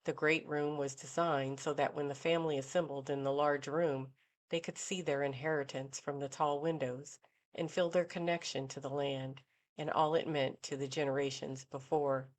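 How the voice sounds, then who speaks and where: Woman narrator, low voice, measured and even, novel reading. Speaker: audiobook narrator. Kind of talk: scripted narration.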